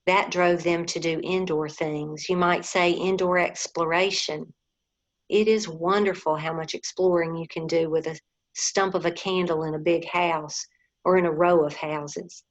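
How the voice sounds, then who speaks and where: Woman reading a storybook aloud, low voice. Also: fairly even intonation, unhurried. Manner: gentle, addresses listeners as guys. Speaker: reader. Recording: dull lo-fi recording.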